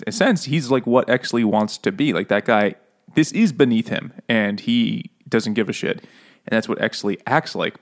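A man hosting a casual book chat over beers, who laughs often and talks in a loose, profane way. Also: lowish voice. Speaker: podcast host.

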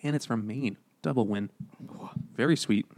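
A man's voice: medium pitch, a little mellow. A man on a casual podcast, joking and trading puns while talking about a book. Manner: joking, quick asides and puns. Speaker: podcast co-host. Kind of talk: casual chat.

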